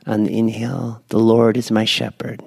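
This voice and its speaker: A man guiding listeners through a slow, gentle breath prayer. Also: on the low side, monotone, vocal fry, breathy edge, dry recording. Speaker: prayer leader.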